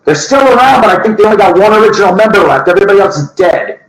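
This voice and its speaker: Jokey male vinyl vlogger, somewhat high and lively; echoey room. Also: rapid-fire. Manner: jokey, rambling, talks straight to viewers. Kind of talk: casual chat to camera.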